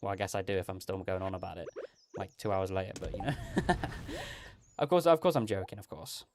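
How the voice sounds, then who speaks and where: A man's voice: sits low, a little fast, background noise. A man live-streaming a video game, chatting casually and rambling while reading chat. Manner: rambling, chatty, laughs often, reads out chat.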